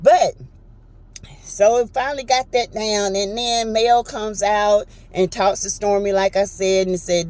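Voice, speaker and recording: A woman, casually recapping a reality show in a chatty, animated way and acting out quotes in a high voice. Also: a little slow, rough recording. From Southern United States.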